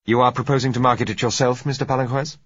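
A man voicing a cautious managing director in an audiobook, speaking in a brisk, businesslike way. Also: medium pitch, steady tone, a bit bright, breathy edge, dry recording, dull audio, pitched above the performer's own voice.

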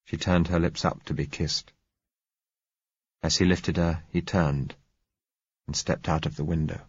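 A man reading a novel aloud as narrator, in a measured, wry manner. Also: a bass voice, fairly even intonation, breathy edge, dry recording, highs cut off. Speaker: audiobook narrator. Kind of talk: scripted narration.

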